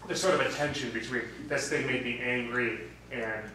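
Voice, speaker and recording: A man's voice: mid-range voice, steady tone, moderate pace, sharp tone. A man interviewing, asking long, hesitant questions and thinking aloud. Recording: distant echoey recording with clear noise.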